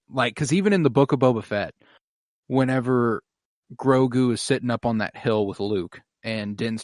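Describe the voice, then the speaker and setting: Low-voiced male podcaster, dry sound. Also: dry recording. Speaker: podcast co-host. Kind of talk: casual chat.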